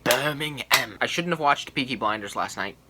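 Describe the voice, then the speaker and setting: A man's voice: medium pitch, lively intonation, brisk, pushed and bright. A young man filming himself at home, joking and rambling nervously to the camera. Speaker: vlogger. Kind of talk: self-filmed vlog clip. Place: small apartment at home.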